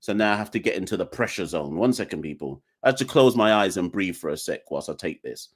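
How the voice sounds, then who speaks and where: A man's voice: low-pitched, expressive, fast. A young man, hosting a live call-in podcast in a defiant, joking, ranting manner. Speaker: podcast host. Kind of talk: live call-in show chat.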